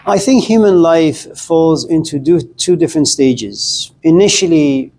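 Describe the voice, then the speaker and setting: A middle-aged man giving a philosophy lecture in a conversational, animated way, telling stories and acting out the people in them. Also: on the high side, unhurried, rough recording. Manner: conversational, animated, acts out quoted voices.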